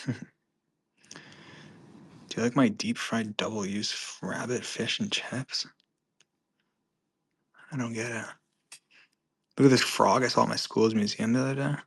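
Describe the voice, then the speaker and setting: Hosting a live audio chat room, a man with a gravelly, slightly rough mid-range voice keeps a steady tone. He casually reads listener questions, skimming them quickly under his breath, then answers in an offhand, rambling way, restarting and trailing off.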